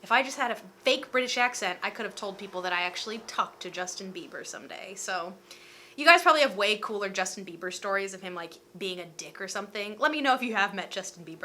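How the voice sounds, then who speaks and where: Bright-voiced chatty young woman. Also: medium pitch. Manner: chatty, animated, lots of fillers. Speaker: storytime vlogger. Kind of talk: casual storytime vlog.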